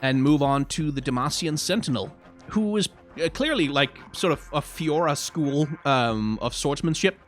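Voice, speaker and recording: A man's voice: on the high side, animated, moderate pace, soft background music. A man giving casual live-stream commentary on game card art, rambling with many restarts, frank and self-deprecating.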